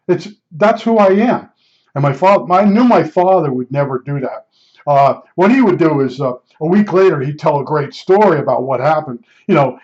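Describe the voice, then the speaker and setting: Older man, slightly higher voice, rambling blunt storyteller, dull lo-fi sound. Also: darkish tone. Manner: rambling, repeats himself, blunt and emphatic. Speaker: podcast storyteller. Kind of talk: casual spoken storytelling.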